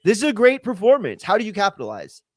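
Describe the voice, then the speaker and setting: A man with a fairly high voice co-hosts a live fight watch-along stream, talking loosely and throwing out jokes and slang. The sound is dry and close, with no room around it. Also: wildly swooping pitch, quick pace, a little mellow, no echo. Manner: joking, loose slang, swears freely. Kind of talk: casual live-stream chat.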